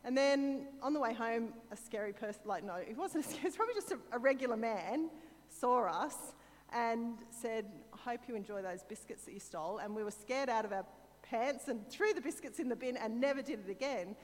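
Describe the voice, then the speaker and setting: A woman's voice: a little high, lively intonation, fairly quick, a little mellow, long reverb tail. A woman with an Australian accent giving a conversational sermon, telling stories with chatty, self-deprecating asides. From Sydney, Australia. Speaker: church speaker.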